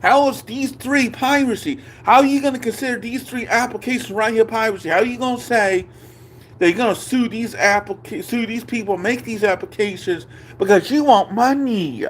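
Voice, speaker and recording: A man vlogging an angry, profane rant from a dark room at home, taunting and repeating himself. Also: very high-pitched, normal speed, slight background noise.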